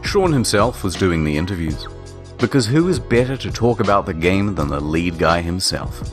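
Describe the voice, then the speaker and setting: A man's voice: sits low, lively intonation, normal speed, music in the background. A man narrating a comedic documentary in a dry, sardonic storytelling manner.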